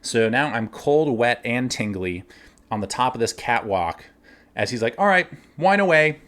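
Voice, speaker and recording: A man casually telling workplace stories, animated, laughing now and then and acting out the lines of others. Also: medium pitch, measured pace. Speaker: winery cellar worker telling stories. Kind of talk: casual storytelling.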